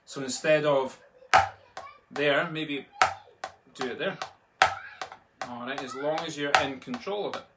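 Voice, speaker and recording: Gravelly Scottish drum tutor. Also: male voice, a little high, measured pace, long pauses, heavy background noise. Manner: relaxed, chatty, counts and chants sticking aloud. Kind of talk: online drumming lesson. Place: home, a street outside.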